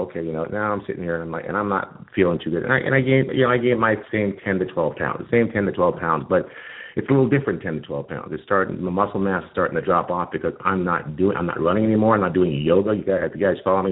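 Deep-voiced guy podcasting his story, kinda emotional and blunt, sounds like it's over a phone line. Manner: candid, emotional, frequent restarts and swearing. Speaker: podcast host and nutrition coach.

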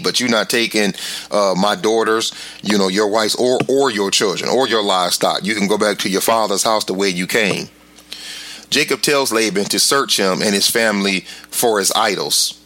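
A man teaching a verse-by-verse Bible lesson. He explains casually with many filler words and slows down to read scripture aloud. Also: lowish voice, bright, forceful tone.

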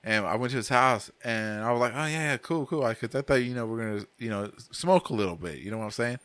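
A man's voice: mid-range voice, fast talker, a bit bright, no room sound. A young adult man casually telling a crude story on a podcast, swearing a lot and laughing through it. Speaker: podcast co-host.

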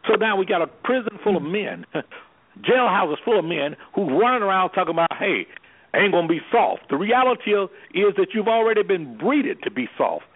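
Husky high-voiced man on a phone line. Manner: preacherly, repeated rhetorical questions. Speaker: anger management specialist, guest. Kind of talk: impassioned talk-radio interview.

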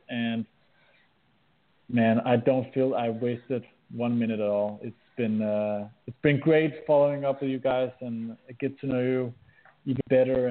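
Danish-accented man on a phone-like line. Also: medium pitch. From Denmark. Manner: relaxed and effusive, with frequent uh fillers. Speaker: podcast guest. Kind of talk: casual chat.

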